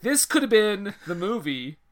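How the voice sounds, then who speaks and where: A man's voice: sits high, sing-song, normal speed. A man hosting a comedy film podcast, talking in a playful, sarcastic way. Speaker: podcast host. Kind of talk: casual comedic chat.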